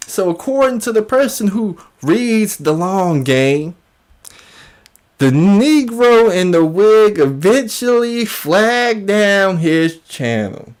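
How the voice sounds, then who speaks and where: A woman hosting a drama commentary show, full of exclamations and repeated phrases. Her pitch rises and falls widely while her overall pace stays unhurried. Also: sing-song, darkish tone. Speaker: commentary channel host.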